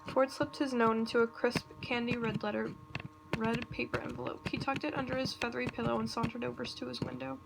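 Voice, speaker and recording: A woman reading a fan story aloud in a nervous, halting way, breaking off now and then. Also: a little high, little pitch movement, vocal fry. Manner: nervous, self-interrupting reading with asides. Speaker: reader. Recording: noisy home recording with computer clicks.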